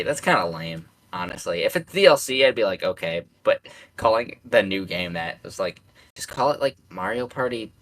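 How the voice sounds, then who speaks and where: A man's voice: on the low side, a bit bright, poor audio. A young man hosting a casual podcast chat, who rambles with lots of fillers, swearing and frequent laughter. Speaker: podcast host.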